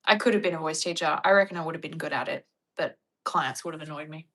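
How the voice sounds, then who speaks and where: A woman's voice: deep voice, quick pace, a bit bright, poor audio. An Australian woman with an Australian accent, chatting casually with her viewers and wandering off on tangents. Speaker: streamer answering viewer questions. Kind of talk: casual chat.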